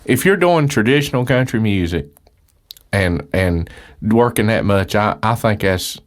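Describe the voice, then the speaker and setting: A man's voice: on the low side, lively intonation, a little slow. A man who is a musician guest on a radio interview, talking earnestly and in a friendly way, often restarting his sentences.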